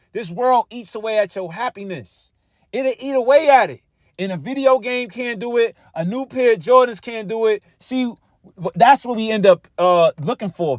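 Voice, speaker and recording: High-voiced profane street preacher. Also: male voice, no room sound, clean studio sound. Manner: profane, repetitive, conversational. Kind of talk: street-style Bible teaching.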